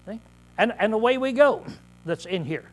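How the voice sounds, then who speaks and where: A man preaching a conversational Bible-study sermon, often clearing his throat and checking in with "see?" as he repeats and restarts phrases. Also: high-pitched, expressive, moderate pace. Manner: repetitive, restarts mid-phrase.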